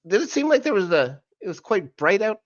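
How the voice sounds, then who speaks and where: A man co-hosting a rewatch podcast, rambling through a recap with plenty of "uh"s and side comments. His pitch swings up and down a lot. The sound is dry and a little dull. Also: sing-song, brisk, no room sound. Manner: chatty, rambling recap full of fillers and asides. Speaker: podcast co-host. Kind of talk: casual rewatch recap chat.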